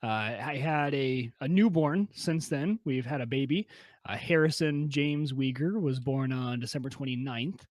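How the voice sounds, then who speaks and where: A man's voice: medium pitch, a little slow, no echo, studio quality. A young man co-hosting a podcast, chatting in an upbeat, joking way. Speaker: podcast co-host. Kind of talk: casual podcast chat.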